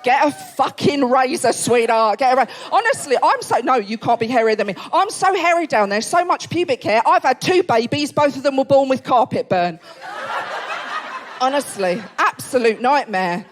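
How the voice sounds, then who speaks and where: A woman's voice: sits high, expressive, normal speed. Brash Essex woman doing stand-up. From England. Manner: brash, sweary, self-mocking. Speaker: comedian. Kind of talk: stand-up comedy. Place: comedy club, live audience.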